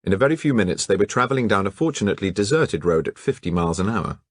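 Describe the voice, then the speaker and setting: A man reads a mystery audiobook in a lowish voice that rises and falls freely. His tone is slightly husky, and the recording is close and dry, with no room sound. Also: expressive, racing, dry recording. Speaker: audiobook narrator. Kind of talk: scripted narration.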